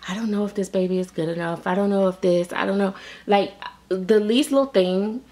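A woman's voice: fairly low pitch, gravelly. A middle-aged woman, a doll artist chatting casually to her viewers, rambling and restarting often. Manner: rambling, many fillers and restarts. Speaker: reborn doll artist and vlogger.

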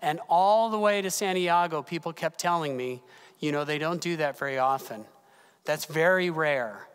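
A man's voice: on the high side, moderate pace, smooth. A man from California, a pastor, telling a personal story in a sermon with gasps and casual fillers. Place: church sanctuary. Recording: long hall reverb.

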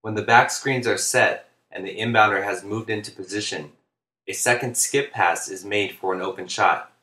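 A man, a basketball coach, narrating instructional plays in a flat, deliberate monotone, speaking clearly. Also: on the low side, roomy sound. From United States. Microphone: home recording for narration.

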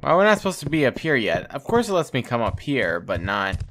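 A man's voice: mid-range voice, sing-song, a little fast, fairly bright tone, slight background noise. A man giving jokey, wry let's-play commentary while playing a game. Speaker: gamer playing on a channel.

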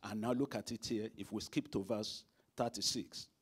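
A man's voice: fairly low pitch, steady tone, normal speed, slightly rough. A man preaching a sermon at a church service, emphatic and asking the congregation rhetorical questions.

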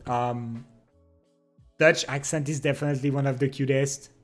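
A young man chatting casually with his stream chat, relaxed and giggly. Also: mid-range voice, normal speed, soft background music. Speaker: livestreamer. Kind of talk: casual chat reading and answering viewer chat.

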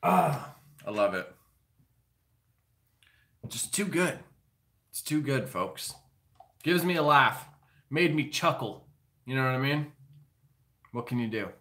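A man's voice: a little high, expressive, slow pace, pauses often, a bit bright. A man hosting a live stream, rambling through jokes and announcements in a profane, loose, conversational way. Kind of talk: rambling comedic monologue.

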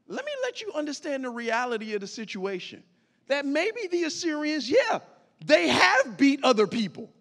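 A man preaching as pastor, building from plain explanation into shouted declarations. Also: high-pitched, gravelly, long reverb tail. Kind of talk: sermon.

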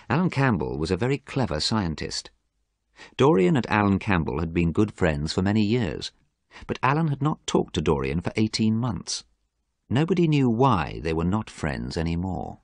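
A man with a very low voice reads a story aloud for English learners. His delivery moves expressively up and down. The sound is dry and close. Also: no room sound. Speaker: narrator.

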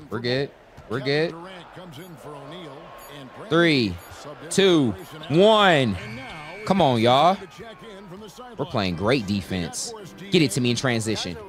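A man commentating his own basketball gameplay with a lively, swooping voice that leaps into excited yells. He talks in loose slang and trash talk. Faint game music plays behind him. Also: mid-range voice. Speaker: gaming YouTuber.

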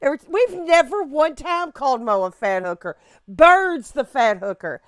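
A woman's voice: high-pitched, animated, normal speed, dry recording, clean studio sound. A woman co-hosting a casual talk show, exclaiming and laughing about a stream. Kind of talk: casual chat reacting to a stream.

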